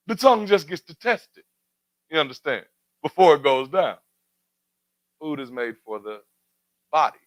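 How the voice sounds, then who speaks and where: A man's voice: fairly high pitch, big pitch swings, normal speed, long pauses, no echo, rough recording. A man hosting a community talk show, speaking in a preacherly way with rhetorical questions and building emphatic refrains. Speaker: radio show host. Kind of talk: community talk radio commentary.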